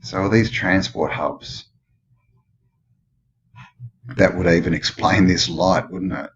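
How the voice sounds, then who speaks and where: Australian male host, deep register, rambling musing commentary, muffled lo-fi audio. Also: moderate pace, slight background noise. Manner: rambling, musing, full of questions. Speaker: channel host. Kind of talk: casual commentary over old photos.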